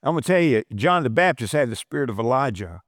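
A man's voice: medium pitch, lively intonation, fast, dry recording, studio quality. A man preaching a sermon, emphatic and repeating phrases for stress. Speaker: pastor.

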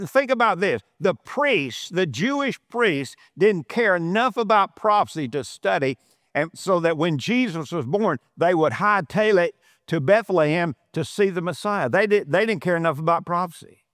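A man's voice: high-pitched, lively intonation, unhurried, fairly bright tone, dry recording, clean studio sound. A man preaching a sermon, emphatic and repeating phrases for stress. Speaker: pastor.

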